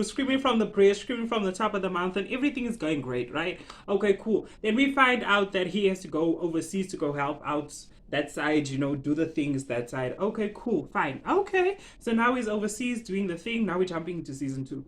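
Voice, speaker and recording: A vlogger giving a casual, animated recap, dramatic and full of laughter and rhetorical questions. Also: mid-range voice, normal speed.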